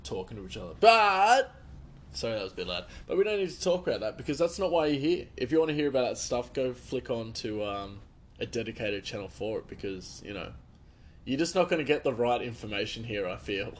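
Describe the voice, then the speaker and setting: A man's voice: mid-range voice, expressive, quick pace. A man who works as a chef hosts a podcast, telling rambling anecdotes in casual chat and laughing often.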